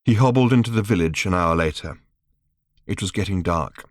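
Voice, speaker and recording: A man reading his own book aloud as an audiobook narrator, in a wry, measured storytelling manner. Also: deep voice, no room sound, clean studio sound.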